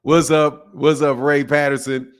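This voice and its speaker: A man running a casual boxing livestream talks in a fairly high, smooth, level voice without hurrying. He calls out chat names and keeps up loose banter full of laughter, slang, profanity and mockery.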